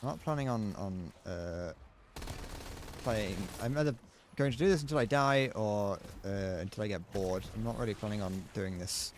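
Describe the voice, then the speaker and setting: A man's voice: fairly low pitch, moderate pace, a little hiss or hum. A British man casually talking through a game as he plays, thinking aloud and humming little tunes. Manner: chatty, thinks aloud, hums tunes while playing. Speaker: streamer. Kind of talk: live gameplay commentary.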